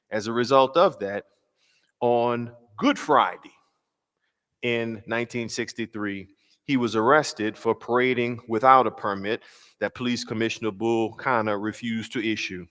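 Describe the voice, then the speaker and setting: A man pastor giving a workshop lecture in a mid-range voice. He is measured and emphatic, slowing down on key phrases and posing rhetorical questions. The voice rings with a long hall reverb. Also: mid-range voice, fairly bright tone.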